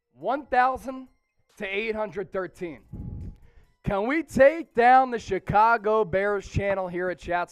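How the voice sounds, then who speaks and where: A man's voice: high-pitched, no echo. A man hosting a live-stream football watch party, hyped and calling out viewers' names and super chats. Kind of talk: excited live-stream sports chat.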